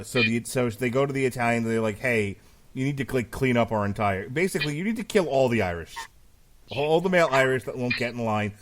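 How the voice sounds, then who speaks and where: A man hosting a podcast who steers the conversation and retells plot loosely, swearing casually. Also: medium pitch. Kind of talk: casual chat.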